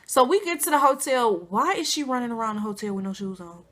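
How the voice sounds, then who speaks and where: A young woman vlogger telling a casual storytime, animated and slangy, acting out quotes with big jumps in pitch. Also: fast talker. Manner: informal slangy speech.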